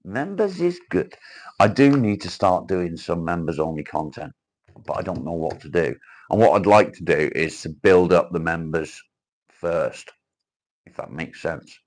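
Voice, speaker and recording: Deep-voiced sweary streamer from Cheshire. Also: male voice, moderate pace. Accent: mix of northern English and South Welsh. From Cheshire, England. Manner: chatty and sweary, greets viewers by name. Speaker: livestreamer. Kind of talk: casual livestream chat reading out comments.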